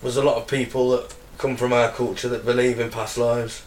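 A man's voice: medium pitch, little pitch movement, a little fast, distant mic. A man chatting on a podcast with friends, dropping dry, wry remarks. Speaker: podcast co-host. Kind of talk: casual chat.

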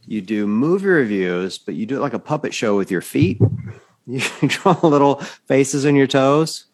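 A man's voice: medium pitch, expressive, normal speed. A man co-hosting a podcast in casual chat, playful and joking, laughing through his lines.

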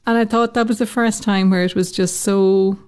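A woman telling a personal story in an interview, lively and acting out the voices she quotes. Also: medium pitch, moderate pace, clean tone. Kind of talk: conversational storytelling.

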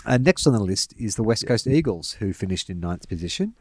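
A man's voice: lowish voice, very animated, fairly quick. A young Australian man co-hosting a casual sports podcast, self-mocking, laughing often and trailing off with fillers. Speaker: podcast co-host.

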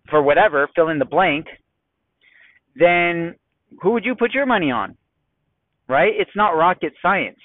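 A man coaching his listeners in a blunt, conversational solo podcast. His voice sits a little on the high side. The sound is thin and phone-like, with a dry, close feel. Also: no room sound.

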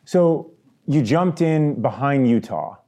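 A man interviewing a veteran, asking halting questions full of restarts. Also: medium pitch, expressive, warm tone. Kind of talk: oral history interview.

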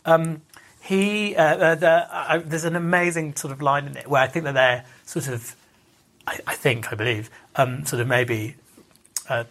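A man's voice: fairly high pitch, steady tone, normal speed, fairly bright tone. A man, a podcast guest in casual conversation, who talks hesitantly with lots of restarts and "sort of" fillers.

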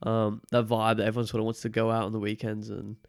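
A young podcast guest chats casually and rambles, relaxed and full of fillers, with an accent somewhere between British and Australian. His slightly low voice has a gravelly edge, he talks quickly, and the recording is dry and close.

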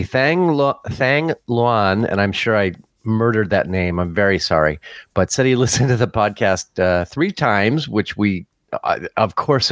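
A man's voice: deep voice, no echo. A man co-hosting a podcast, casually reading out listener comments with many uhs and little chuckles. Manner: easygoing, chuckling, hesitant with uh and um. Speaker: podcast co-host.

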